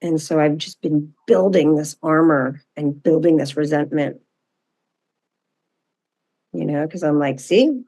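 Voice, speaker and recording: A woman, a guest in a self-inquiry session, talking candidly and reflectively, a bit halting. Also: sits low, steady tone, dark tone.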